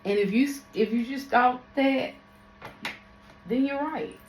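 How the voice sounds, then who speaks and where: A woman's voice: sits high, a little slow, roomy sound, a little hiss or hum. A young woman from Louisiana, chatting casually to her viewers in a slangy, laughing vlog. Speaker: makeup artist vlogger.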